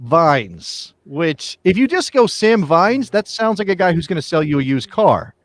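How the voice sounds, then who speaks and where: A man's voice: fairly high pitch, very animated, a little slow. A man hosting a live soccer show, chatting and joking, often trailing off and restarting. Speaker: podcast host. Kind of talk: casual sports chat.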